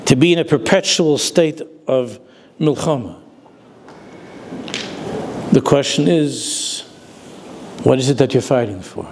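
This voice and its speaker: A man's voice: medium pitch, slow pace, pauses often, a little mellow, slight background noise. Older rabbi man telling stories. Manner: storytelling, mixes in Yiddish and Hebrew words. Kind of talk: sermon.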